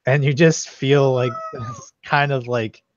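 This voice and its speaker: A man's voice: medium pitch, steady tone, slow pace, a little hiss or hum. A man narrating as game master, rambling with many filler words. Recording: dry, slightly muffled recording.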